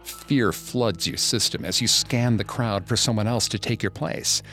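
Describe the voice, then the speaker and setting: Slow low-voiced man narrating horror. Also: a little hiss or hum. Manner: slow, hushed storytelling. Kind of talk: second-person horror narration.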